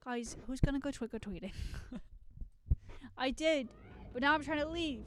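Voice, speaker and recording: A young adult streamer chatting casually and excitably while playing a horror game, swearing and yelping at scares. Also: high voice, measured pace, pauses often. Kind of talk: casual live gameplay chat. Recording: loud game sounds under the voice.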